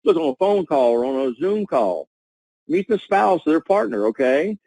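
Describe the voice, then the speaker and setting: A man giving an energetic, repetitive coaching talk to a sales team over a webinar. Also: a little high, moderate pace, no room sound, low-quality recording. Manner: energetic, coaching, repeats himself.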